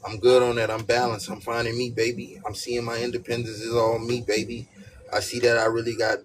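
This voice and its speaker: A man's voice: mid-range voice, a little fast. A man giving a casual tarot reading, talking emphatically and repeating his points with many "you know what I'm saying" asides. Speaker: tarot reader. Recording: steady background noise with birdsong.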